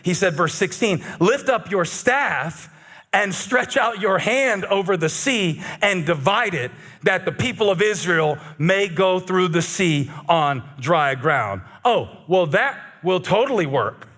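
Pastor guy preaching, high voice, swings all over the place, jokey and loud at times. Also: slow. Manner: animated and humorous, shouting at peaks. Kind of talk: sermon.

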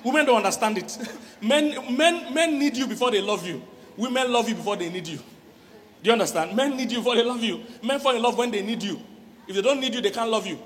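Animated man preaching in an echoey hall. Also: extremely high pitch, quick pace. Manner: animated, laughing, acts out quoted voices. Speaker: relationship coach preaching. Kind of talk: church sermon on marriage.

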